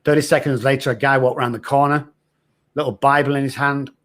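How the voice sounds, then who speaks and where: A man's voice: mid-range voice, level tone, fast, fairly bright tone. A middle-aged man, frankly telling his own hard story as a podcast guest. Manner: earnest, raw, frank. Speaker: recovery expert guest. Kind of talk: candid personal storytelling.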